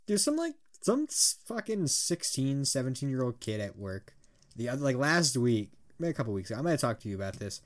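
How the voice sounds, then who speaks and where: A man's voice: medium pitch, sing-song, a little fast. A man in his twenties co-hosting a podcast, telling rambling stories with frequent laughter and casual swearing. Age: 20s. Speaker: podcast co-host. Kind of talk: casual chat.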